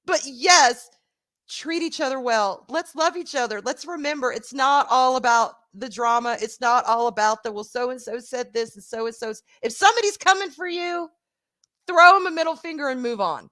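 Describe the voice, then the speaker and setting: This is a middle-aged woman with a Southern accent, streaming and talking straight to her viewers. Her voice sits somewhat high, and she laughs easily as she speaks. She comes across warm and heartfelt and swears casually. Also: normal speed. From American South. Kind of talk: casual chat to a live stream audience.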